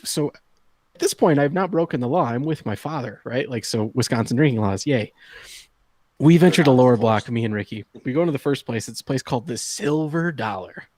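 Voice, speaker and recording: A man's voice: mid-range voice, a little mellow, no echo. A man in his thirties telling a long story to friends in a casual chat, laughing often and acting out the people he quotes. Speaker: podcast host.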